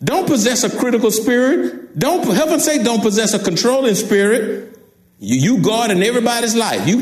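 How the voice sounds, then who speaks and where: A man in his sixties with a Texan accent, preaching an emphatic sermon from the pulpit and repeating key phrases straight to the congregation. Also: extremely high pitch. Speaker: pastor. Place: church sanctuary. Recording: echoey church sanctuary.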